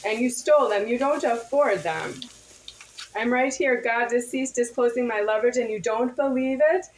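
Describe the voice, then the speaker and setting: A woman's voice: fairly high pitch, moderate pace, echoey room, a little hiss or hum, poor audio. A woman in a confrontational monologue to camera, firing off insistent, repetitive rhetorical questions.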